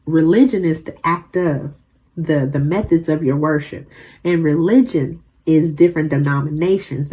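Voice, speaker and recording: A woman with a lowish, mellow voice talks straight to her viewers in a casual, rambling vlog. She tells stories bluntly and emphatically, with slang and the odd curse word, the way a tarot reader chats with her audience. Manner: casual slang and mild swearing.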